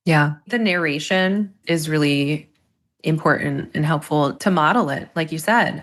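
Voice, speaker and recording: A woman hosting a podcast interview, affirming and reflective as she asks questions. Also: low-pitched. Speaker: podcast host.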